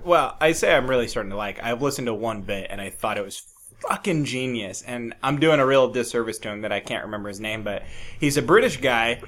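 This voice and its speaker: A man co-hosting a podcast in casual chat, crude and joking, laughing often and breaking into loud impressions. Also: mid-range voice. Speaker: podcast co-host.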